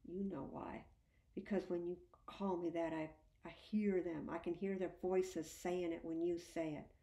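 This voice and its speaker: A woman reading a story and voicing a grieving, gentle middle-aged father who talks in a hollow, tender, pleading way. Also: lowish voice, fairly even intonation, a little slow, echoey room.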